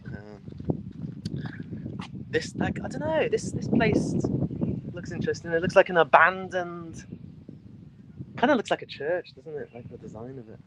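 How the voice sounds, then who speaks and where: Man from the UK, chatty walking livestream, outdoors, steady background noise. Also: mid-range voice. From United Kingdom. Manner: rambling, chatty, with frequent fillers and restarts. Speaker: travel vlogger livestreaming. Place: outdoors in a rural mountain village.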